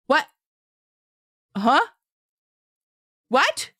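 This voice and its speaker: Excitable high-voiced woman streamer. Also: measured pace, long pauses, slightly rough, no room sound, studio quality. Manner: excitable, laughs and swears often. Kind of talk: let's play game commentary.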